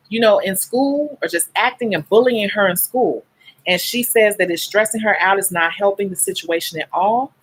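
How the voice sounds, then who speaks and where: A woman's voice: mid-range voice, breathy edge, rough recording. A tired, sleep-deprived woman who works as a nail technician talks bluntly and emotionally to her viewers in a candid livestream chat. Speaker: nail technician and beauty YouTuber.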